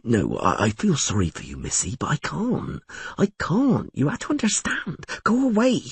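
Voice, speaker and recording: Male reader voicing a nervous tavern keeper, pitched way up, pleading. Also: huge pitch swings, normal speed, gravelly, slightly rough, dry recording, exaggerated voice. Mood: frightened. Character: frightened male innkeeper, timid and nervous.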